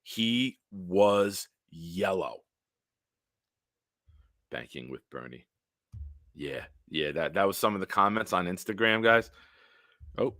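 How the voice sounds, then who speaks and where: A man hosting a casual solo livestream, telling stories in a rambling, animated way with big swings in loudness. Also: low voice, takes it slowly, long pauses, no echo, studio quality. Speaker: livestream host.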